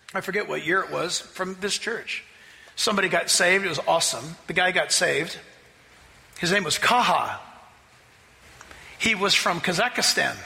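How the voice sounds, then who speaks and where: Gravelly, bright-voiced preacher in echoing hall. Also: male voice, high-pitched. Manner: animated, rising to near-shouting at climaxes. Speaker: pastor. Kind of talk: sermon with storytelling. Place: church sanctuary. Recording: hall reverb, faint ambience.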